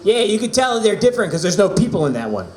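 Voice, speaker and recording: A man hosting an open mic, teasing a comic with dry banter and loudly introducing the next act. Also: high voice, big pitch swings, fast, soft background music. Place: small venue open mic. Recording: echoey room.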